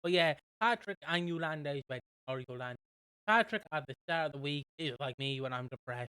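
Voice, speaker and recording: A young British man co-hosting a podcast, casually recapping a soap with a rambling, animated manner. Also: on the high side, a little fast, smooth, dry recording. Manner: rambling, animated retelling with quoted voices. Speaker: podcast co-host.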